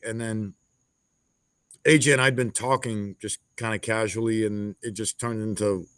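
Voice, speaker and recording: Low-voiced blunt man. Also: steady tone, moderate pace, fairly bright tone, clear, resonant tone, no room sound. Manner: blunt, plain-spoken, swears casually. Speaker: podcast guest. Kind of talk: casual podcast conversation.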